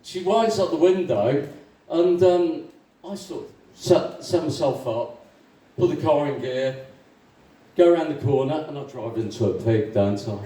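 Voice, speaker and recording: Caught from the back of an echoey small comedy club on a distant mic with faint noise, a male open-mic comic tells rambling stand-up jokes. His tone is dark and mellow yet a little high and animated, and he halts, says um a lot, and laughs at his own jokes.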